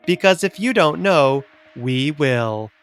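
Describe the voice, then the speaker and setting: A man's voice: a little high, animated, slow, smooth, soft background music. A man voicing the upbeat, salesy narrator of a company orientation video. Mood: cheery.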